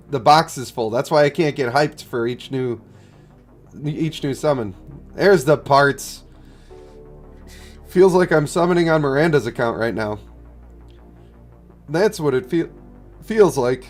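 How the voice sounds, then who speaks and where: A man streams a game and chats in a relaxed, low-key way while he answers viewers. He sounds stuffed up, his voice sits at an ordinary middle pitch, and faint music plays under him. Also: a little slow, long pauses. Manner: chatty, low-key, reading and answering chat. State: congested, stuffed up. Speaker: gaming streamer. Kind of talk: casual live-stream chat.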